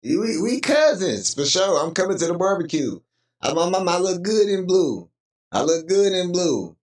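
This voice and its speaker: Animated laughing man, lively pitch. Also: normal speed. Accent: Bay Area. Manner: laughs often, loose and animated, rising to high squeals. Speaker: podcast host reacting to a clip. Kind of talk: casual live-stream commentary.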